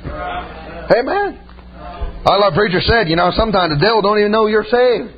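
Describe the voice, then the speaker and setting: In a church service, a man with a high-pitched voice preaches at normal speed in a folksy, emphatic manner, dropping "amen" and "man" between points. The recording is muffled with a faint hum.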